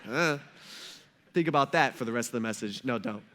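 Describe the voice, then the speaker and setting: A man's voice: mid-range voice, a little fast, fairly bright tone. A male pastor giving a casual, conversational sermon, slangy and acting out the people in the story. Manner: conversational, slangy, acts out quoted voices. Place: church.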